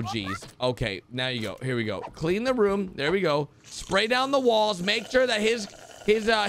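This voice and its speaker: An excitable man with a high, bouncing voice, swinging from cheers to groans as he reacts to cartoons. He talks straight at the characters he watches. The recording carries steady background noise and clicking. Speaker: reaction video host.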